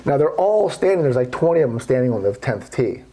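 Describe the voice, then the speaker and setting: Profane, animated middle-aged storyteller man. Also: medium pitch, brisk. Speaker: golf podcast guest telling stories. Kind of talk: casual storytelling.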